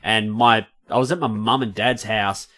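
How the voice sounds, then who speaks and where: A man's voice: fairly low pitch, fairly even intonation, normal speed, a bit bright. An Australian man co-hosting a podcast in casual chat, enthusiastic and swearing freely. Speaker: podcast co-host.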